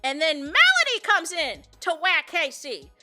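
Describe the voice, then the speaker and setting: A woman hosting a podcast, recapping a reality show in an animated way and acting out what people said. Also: very high voice, a little slow, loud music behind the voice. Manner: animated storyteller, acts out quotes, often says "you know what I'm saying". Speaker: podcast host.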